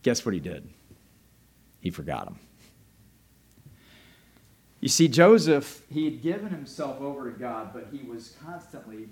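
A man preaching a sermon as a pastor, telling a story in an animated, conversational way. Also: medium pitch, unhurried, pauses often, slightly rough. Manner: animated, conversational, often restarts.

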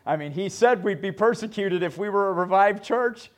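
A man preaching a sermon, retelling Bible stories with lively acted-out scenes and ending in prayer. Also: sits high, normal speed. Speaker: pastor.

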